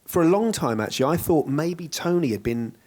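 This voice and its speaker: An actor speaking in a casual onstage Q&A, chatty and self-deprecating, often breaking into laughter. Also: male voice, on the high side, animated, brisk, a little mellow. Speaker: actor guest on a panel.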